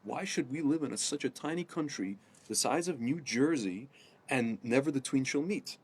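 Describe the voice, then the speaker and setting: Man, mid-pitched, rambling casual rant to camera, lots of fillers and restarts, calls listeners ladies and gentlemen. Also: expressive, moderate pace, husky. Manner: addresses audience as ladies and gentlemen. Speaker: political commentator. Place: home in Jerusalem.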